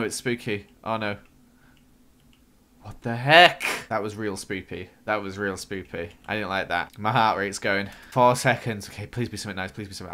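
A young man giving excitable let's-play commentary, gasping and squealing when startled. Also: on the low side. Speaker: gaming YouTuber.

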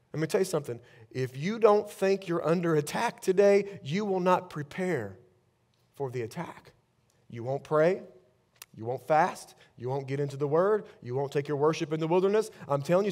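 Pastor, male, high-pitched, preaching in a church, fervent then hushed. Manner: emphatic preaching, rapid-fire declarations with rising intensity. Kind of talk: sermon.

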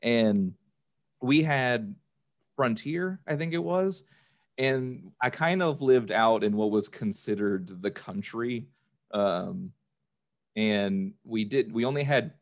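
A man co-hosting a podcast, chatting in a relaxed, rambling way. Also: fairly low pitch. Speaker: podcast co-host. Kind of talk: casual chat.

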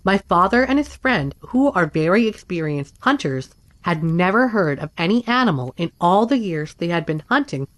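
Female narrator for first-person stories; low-set voice, steady delivery, dry and close. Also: no echo. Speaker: story narrator.

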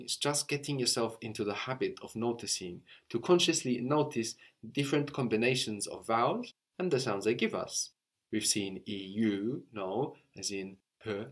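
A man with a somewhat low voice leads a spoken language lesson. He explains patiently, one step at a time, and often checks in with the learner by ending on a questioning "no?". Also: slightly rough. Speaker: language teacher.

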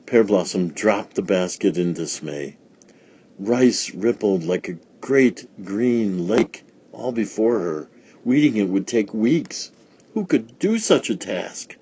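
A man reading a children's picture book aloud in a slow, deliberate storytelling manner. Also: on the low side, warm tone, slightly rough. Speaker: storybook reader.

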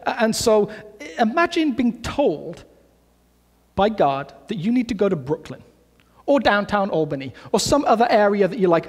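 A man preaching a sermon in a relaxed, conversational way, full of asides and restarts. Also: high voice, moderate pace, breathy edge, long reverb tail. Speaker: pastor. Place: church sanctuary.

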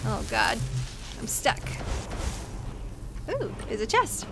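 A young woman streaming a video game live, reacting excitably with shouts, groans and laughter as she plays. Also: on the high side, takes it slowly, music in the background. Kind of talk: live gameplay commentary.

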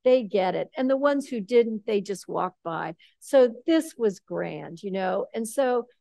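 An older woman giving a lecture as a visiting artist, telling a story with animated, ironic emphasis. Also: medium pitch, measured pace, gravelly, dry recording. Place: lecture hall.

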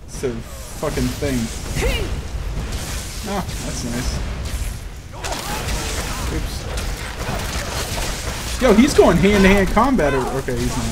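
Profane joking young man playing a game. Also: medium pitch. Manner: profane, joking, easily frustrated. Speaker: gaming video host. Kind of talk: casual gameplay commentary. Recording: audible background noise.

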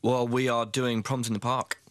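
A man chatting as a guest in a radio studio interview, self-deprecating and quick to laugh. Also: medium pitch, flat delivery, a bit bright, dry recording. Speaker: singer and actor, guest. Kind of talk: casual radio interview chat.

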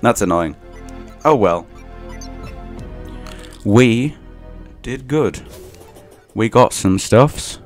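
Young male let's-player, unhurried delivery, low voice, teasing asides to enemies, faint music underneath. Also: lively intonation. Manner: playful, talks to game enemies in a teasing voice. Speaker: gaming channel host. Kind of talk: casual let's play commentary.

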